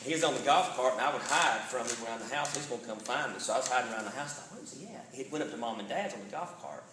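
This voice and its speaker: Man in his forties, pastor, casual Bible study, mid-pitched, roomy echo. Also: rapid-fire, crowd noise. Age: 40s. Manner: conversational, checks in with "all right?". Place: church sanctuary.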